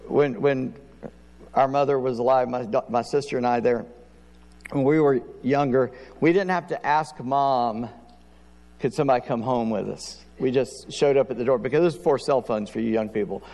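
A man's voice: medium pitch, moderate pace, a little mellow, big-room sound. A middle-aged man preaching a sermon in a folksy storytelling manner. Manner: folksy storytelling, acts out prayers and dialogue. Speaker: pastor.

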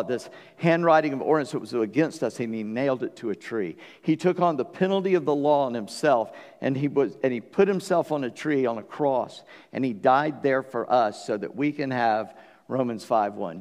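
A man preaching a sermon as pastor, earnest, swinging between loud emphasis and hushed passages. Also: mid-range voice, expressive, normal speed. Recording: long reverb of a church hall.

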